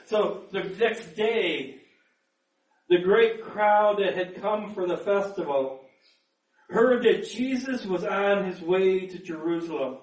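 A man's voice: high-pitched, echoey room, distant mic, rough recording. A man preaching a sermon in an earnest manner, repeating words as he builds to emphatic peaks. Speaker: pastor.

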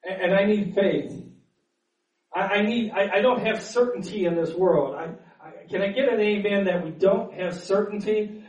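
Male pastor, higher voice, earnest sermon, repeats words, roomy echo, mic set back. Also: normal speed. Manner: earnest, repeats words, builds up then calms. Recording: echoey room, mic at a distance.

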